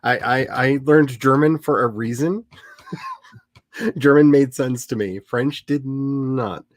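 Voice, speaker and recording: A man in a middle pitch chats loosely on a writing stream, wandering from topic to topic and poking fun at himself. The sound is dry and close, with no room around it. Asides and small jokes keep breaking into his talk. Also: takes it slowly, no echo. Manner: rambling and self-mocking, prone to jokes and asides. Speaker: livestream host. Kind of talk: casual chat during a writing sprint stream.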